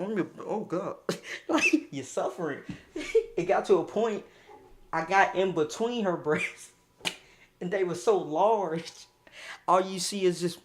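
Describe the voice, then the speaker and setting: A young man streaming a casual storytime, slangy and animated, laughing often as he talks. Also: high-pitched.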